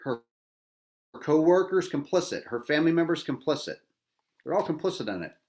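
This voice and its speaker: A man's voice: a little high, lively intonation, fairly quick, darkish tone. A middle-aged man, a veteran host, angry and agitated, delivering a bitter, profane rant full of repetition and rhetorical "right?" tags.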